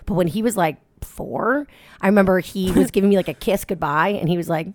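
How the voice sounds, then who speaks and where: A woman's voice: lowish voice, fairly quick, darkish tone, no echo. A woman from Boston chatting candidly on a podcast, telling loose, giggly stories. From Boston, USA. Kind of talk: casual podcast chat.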